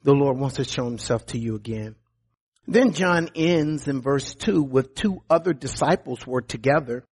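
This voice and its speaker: A man preaching a sermon as pastor, emphatic, often repeating words and dropping to quiet low lines. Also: normal speed, slightly rough.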